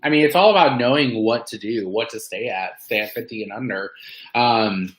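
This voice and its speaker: A low-quality recording captures a group member addressing a live online weight-loss meeting in a mid-range voice at a moderate pace. His pep talk is relaxed but energized, with preachy outbursts and plenty of "um" and "like."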